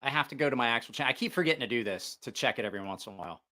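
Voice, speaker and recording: Middle-aged male livestream host, bright, crisp tone, casual and rambling. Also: medium pitch, lively intonation, very fast. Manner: rambling, with many fillers and restarts. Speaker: knife channel host.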